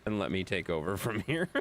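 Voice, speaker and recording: His pitch fairly low yet a bit bright, a man chats casually with viewers while streaming a game, over slight background noise. He swears and laughs often as he plays.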